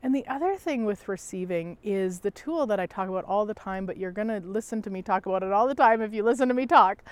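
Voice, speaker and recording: A middle-aged woman giving a reflective personal talk as a self-help host, speaking gently and unhurriedly, often repeating phrases and sighing softly. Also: mid-range voice, lively intonation, clean tone, no room sound. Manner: gentle, repetitive, unhurried, with soft sighs.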